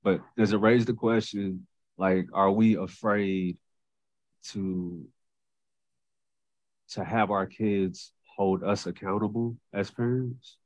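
Low-voiced guy, talks real slow, dry close sound, asking questions kinda hesitant. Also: steady tone, no room sound. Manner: thoughtful, posing questions with hesitant restarts. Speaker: podcast guest. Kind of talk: casual chat.

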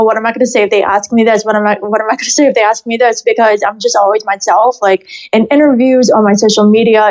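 A woman's voice: mid-range voice, darkish tone, muffled recording. A young woman, a singer-songwriter guest, giving an earnest, flowing interview answer.

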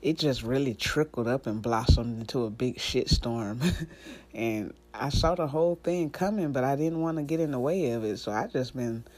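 Animated slangy woman podcaster. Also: rumbling low, normal speed. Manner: animated, slangy, laughs often. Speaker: podcast host and musician. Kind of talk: casual podcast chat.

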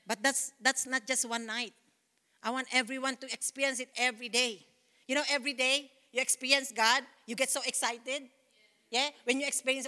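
A woman's voice: high voice, fairly even intonation, moderate pace, bright, forceful tone, in a large hall. A woman pastor preaching a fervent sermon in a church, repeating phrases and breaking into praise. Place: church sanctuary.

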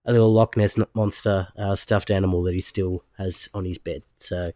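A man's voice: low voice, fairly even intonation, moderate pace, warm tone, dry recording, clean studio sound. A man, hosting a podcast in casual, joking chat full of fillers. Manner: joking, rambling, many fillers. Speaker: podcast host.

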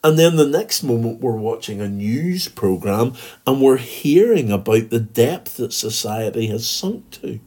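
A man's voice: medium pitch, animated, measured pace, dark tone, slightly rough. A man with a Northern Irish accent giving a daily devotional as a pastor, earnest and reading scripture aloud. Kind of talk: daily devotional podcast talk.

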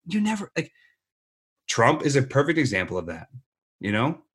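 A man's voice: medium pitch, wildly swooping pitch, normal speed, a bit bright, breathy edge. A man co-hosting a podcast in casual, opinionated chat, talking emphatically with frequent restarts and acting out the people he describes. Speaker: podcast co-host.

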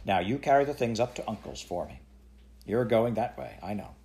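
A man's voice: lowish voice, sing-song, normal speed, mellow. A man voicing a cross, fussy aunt who scolds shrilly in a storybook reading. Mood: coaxing. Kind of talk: audiobook character voice.

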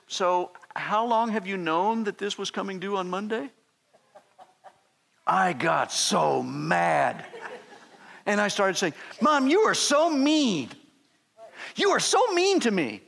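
High-voiced joking male preacher. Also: gravelly, a bit bright, slight background noise. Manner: jokey, self-deprecating, acts out quoted voices. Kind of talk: sermon with humorous personal stories.

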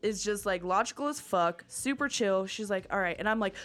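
A young woman hosts a casual podcast chat. She tells her story in a quick, animated, profanity-laced rush, at a middle pitch for a woman. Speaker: podcast host.

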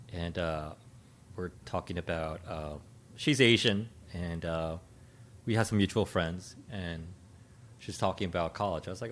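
A man co-hosting a podcast, telling an anecdote in an animated, casual way. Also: sits low, a little hiss or hum. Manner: storytelling, animated, laughs at own jokes. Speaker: podcast co-host. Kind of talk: casual chat.

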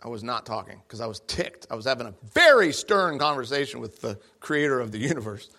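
A man's voice: medium pitch, brisk, creaky. A young man giving a guest talk to an audience, telling a personal story with jokes and acting out his own lines. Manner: animated, jokey, acts out his own lines. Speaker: guest speaker.

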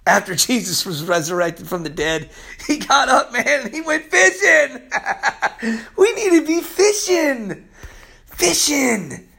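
A man preaching a sermon as pastor, impassioned and laughing often, swinging from soft talk to yelling. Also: very high-pitched, big pitch swings, slow, gravelly, husky. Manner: laughs often mid-sentence.

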